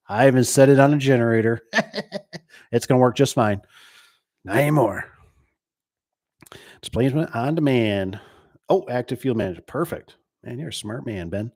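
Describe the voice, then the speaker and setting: A man's voice: mid-range voice, a little fast, darkish tone. A middle-aged man who runs a garage door business, chatting casually about trucks in a rambling way, full of restarts and acted-out quotes. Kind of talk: casual chat.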